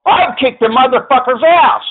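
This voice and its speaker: A man's voice: very high voice, normal speed, slightly rough. A man on a phone call, angry and swearing, threatening to take action over a complaint. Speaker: angry caller.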